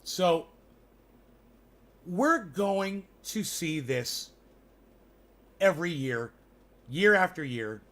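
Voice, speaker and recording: Man, casual vlog monologue, rambling, swears, slightly high voice. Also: animated, extremely slow, long pauses, a bit bright. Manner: loose, profane, chatty, addresses viewers directly. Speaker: vlogger. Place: home in the mountains.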